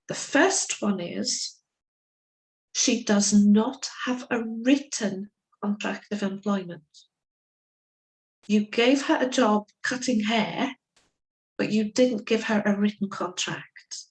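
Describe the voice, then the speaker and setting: Slow, deliberate woman lecturing. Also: medium pitch, gravelly, low-quality recording. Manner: slow, deliberate storytelling, acting out quoted speakers. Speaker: legal English teacher. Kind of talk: lecture with case stories.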